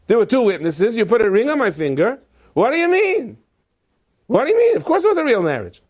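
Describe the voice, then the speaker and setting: A man's voice: on the high side, big pitch swings, fairly quick, a little mellow, breathy edge. A man voicing a young woman who insistently demands her husband back, pleading and indignant.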